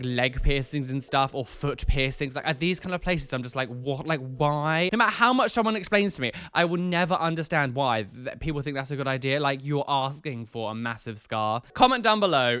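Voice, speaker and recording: A man hosting a casual reaction video, talking in an animated, exclamatory way that jumps into squealing highs. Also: clear, resonant tone, no echo.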